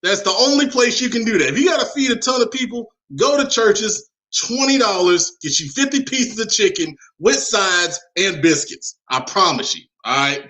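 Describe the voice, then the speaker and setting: A man hosting a podcast, talking casually with plenty of fillers and getting animated when worked up. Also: high voice, normal speed, hardly any pauses, low-quality recording. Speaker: podcast host. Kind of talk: casual chat.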